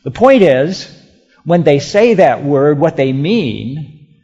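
A man preaching a sermon in a church, emphatic and repetitive, swinging between loud declarations and hushed asides. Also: a little high, sing-song, slow, soft background music. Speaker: pastor. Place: church sanctuary. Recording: muffled, with long hall reverb.

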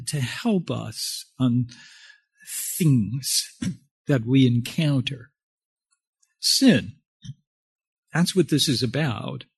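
Slow-speaking folksy male pastor. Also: a little high, husky, no room sound, clean studio sound. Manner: folksy and conversational, with self-deprecating humor. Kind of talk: sermon.

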